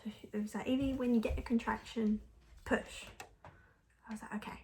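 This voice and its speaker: Chatty young mum, slightly high voice. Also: female voice, fairly even intonation, a little fast, a little mellow, slight background noise. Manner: chatty, frank, laughs often, many fillers. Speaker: mum vlogger. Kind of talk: casual storytelling to camera.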